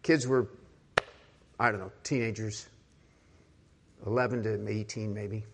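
An older man preaches a sermon in an easy, conversational way, putting rhetorical questions to his listeners. When he turns to his own stories, he drops to a soft, hushed voice. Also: fairly low pitch, fairly even intonation, a little slow, noisy background. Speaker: pastor.

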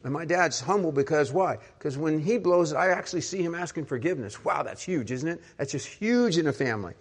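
An older man, a pastor, preaching a conversational sermon full of rhetorical questions, dropping to a soft, hushed voice when he retells personal moments. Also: on the high side, animated, a little fast.

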